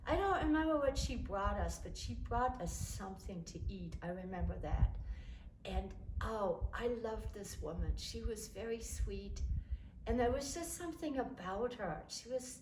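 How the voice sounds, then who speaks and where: A woman telling a personal childhood story in an animated way, acting out the people in it. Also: medium pitch, moderate pace, a little hiss or hum. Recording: echoey room, voice from a distance.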